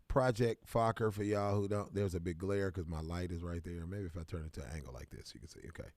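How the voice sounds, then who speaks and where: A man's voice: low voice, fast talker, darkish tone, dry recording. A man from Kansas City, hosting a casual livestream and greeting viewers by name in bursts of hype. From Kansas City, American Midwest. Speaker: livestream host.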